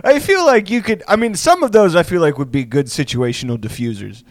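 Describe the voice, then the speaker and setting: Animated rambling man with lively pitch. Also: brisk, no room sound, studio quality. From South Houston, Texas. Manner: rambling, animated, laughs often, acts out insults. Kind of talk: crude comedic banter.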